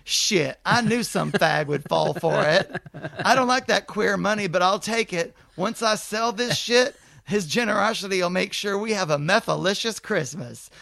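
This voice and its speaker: A gravelly, folksy drifter schemes in a coarse drawl, put on by a man. The voice is pitched a little above his own and recorded dry and close. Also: normal speed, sharp tone, dry recording, exaggerated voice. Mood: crude. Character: crude, scheming, down-on-his-luck working man.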